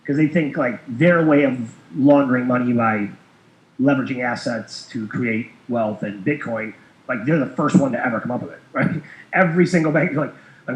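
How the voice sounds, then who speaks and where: A man at a medium pitch tells a long story in loose, rambling chat, full of fillers and soft chuckles. His voice sits in a roomy space with echo, and the sound is dull and lo-fi. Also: moderate pace. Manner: rambling, many fillers, chuckles while telling. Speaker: guest.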